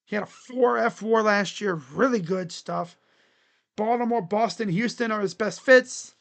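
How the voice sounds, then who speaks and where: A sports channel host chatting casually on a live stream, making predictions in a jokey, rambling way with sudden shouted bits. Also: mid-range voice, measured pace, vocal fry. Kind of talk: casual live-stream commentary on baseball free agents.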